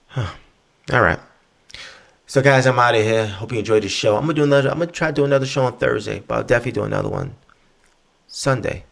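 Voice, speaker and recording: A fast-talking man with a creaky, mid-range voice pauses often as he rants solo on his podcast. The tone is casual and animated, full of profanity and rambling tangents.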